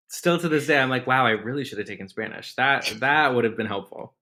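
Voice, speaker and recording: A man talking as a podcast guest in relaxed, candid conversation, often making fun of himself. His voice sits at an ordinary middle pitch. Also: brisk, hardly any pauses. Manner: easygoing, self-deprecating and candid. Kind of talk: casual interview chat.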